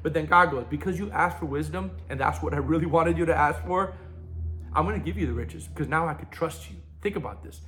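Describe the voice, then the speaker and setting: A man preaching a sermon with a bright, forceful voice pitched a little high. He swings between loud, emphatic bursts and quiet asides. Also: brisk, a little hiss or hum. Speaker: pastor.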